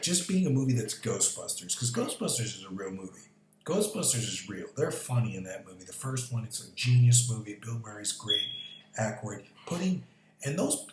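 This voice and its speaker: A man's voice: medium pitch, darkish tone. A man rambling casually in a vlog, swearing freely and chuckling at his own ideas. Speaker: vlogger. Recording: echoey room with faint background noise.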